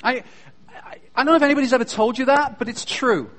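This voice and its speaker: A man's voice: very high voice, fast. A man with a British accent giving a humorous, self-deprecating chapel talk to school students. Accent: British English. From Britain. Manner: joking, self-deprecating, lively storyteller.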